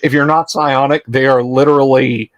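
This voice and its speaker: A man's voice: medium pitch, fairly even intonation, normal speed, no room sound. Rambling game-master man, dry sound. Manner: rambling, chuckling asides. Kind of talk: running a tabletop game on a livestream.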